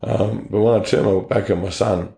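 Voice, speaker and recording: Australian man, low gravelly voice, warm dark tone, echoey room, blunt testimony. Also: steady tone, normal speed. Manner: blunt, earnest storytelling with slang. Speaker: interview guest. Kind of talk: personal testimony.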